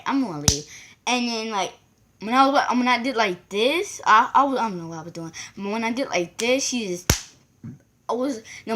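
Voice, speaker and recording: A woman's voice: medium pitch, a bit bright, a little hiss or hum. A woman vlogger rambling through a casual storytime, acting out the voices of the people in it. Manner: rambling, acts out quoted voices.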